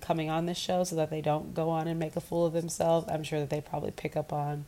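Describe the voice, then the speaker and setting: A woman's voice: low-pitched, little pitch movement, fast talker, mellow. A woman with a stuffy nose chatting as a podcast co-host over a video call, acting out quotes and laughing. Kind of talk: casual chat. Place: resort room.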